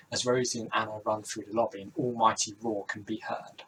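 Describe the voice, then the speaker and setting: A man narrating a homemade story game in a low-key, dry manner. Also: level tone, brisk, hardly any pauses, fairly bright tone, a little hiss or hum, low-quality recording.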